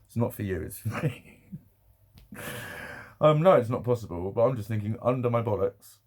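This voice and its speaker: A man speaks in a low, gravelly voice with a dark, mellow tone. He rambles emotionally through a personal vlog, close to tears, laughing often and swearing freely. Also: animated, moderate pace. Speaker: vlogger.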